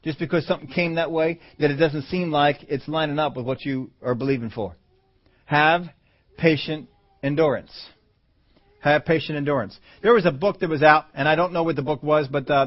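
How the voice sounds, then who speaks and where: A man preaching with strong emphasis, now and then mimicking the voices of doubters. His voice sits a little high for a man. The recording is dull and lo-fi, like archived church audio. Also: a little fast. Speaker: pastor. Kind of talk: sermon.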